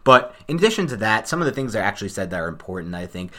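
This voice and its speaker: Low-voiced guy cohosting a football podcast, talks real fast, animated and casual. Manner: fast, animated, self-deprecating. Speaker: podcast co-host. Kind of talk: casual sports chat.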